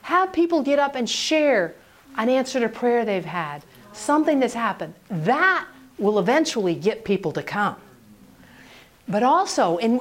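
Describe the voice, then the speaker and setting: A woman speaking on prayer ministry, telling a story in an animated way and acting out the voices of the people in it. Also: fairly high pitch. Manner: animated, acts out quoted voices. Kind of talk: storytelling talk.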